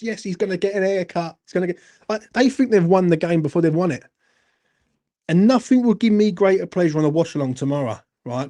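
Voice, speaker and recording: Thirties bloke, fan-channel live host, slightly high voice with a warm, dark tone, sweary and chatty. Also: male voice. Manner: blunt, sweary, chatty, addresses viewers as mate. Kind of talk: live-stream fan chat, reading viewer comments.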